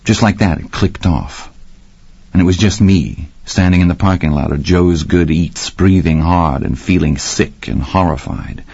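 A man's voice: low-pitched, unhurried, vocal fry, darkish tone, breathy edge, no echo. A man narrating a gritty first-person story with dramatic storytelling. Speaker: audiobook narrator. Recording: slightly muffled dry audio.

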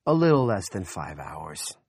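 A cocky, crude young deputy, as a male narrator voices him, talking with sarcastic exasperation in an audiobook. The low voice is close and dry. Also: very animated, unhurried, slightly rough, no echo, full character voice. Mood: exasperated. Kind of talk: audiobook character voice.

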